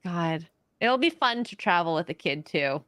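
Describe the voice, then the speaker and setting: A woman's voice: fairly low pitch, lively intonation, fairly bright tone, dry recording, studio quality. Playful chatty woman co-host. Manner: chatty, playful, quick to laugh. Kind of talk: casual podcast chat.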